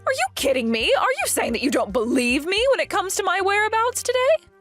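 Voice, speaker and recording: A woman voicing an indignant, accusing middle-aged mother-in-law in an animated story drama. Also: very high voice, brisk, faint music behind, full character voice. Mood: pleading.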